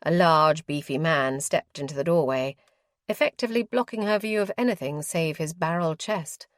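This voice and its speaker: A woman narrating a historical romance audiobook in a measured, expressive storytelling manner. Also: low-pitched, no echo. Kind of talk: scripted narration.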